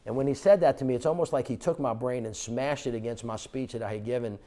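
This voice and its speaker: A middle-aged man from New Orleans, a former mayor, telling an animated story on stage at a fundraiser and acting out the dialogue. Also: mid-range voice, fast. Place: stage conversation at an indoor fundraiser.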